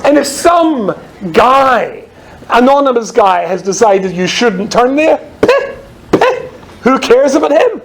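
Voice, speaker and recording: A man's voice: extremely high pitch, sing-song, a little slow. A Scottish man, a rabbi, telling funny stories in a talk with a dry, wry delivery. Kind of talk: humorous storytelling talk.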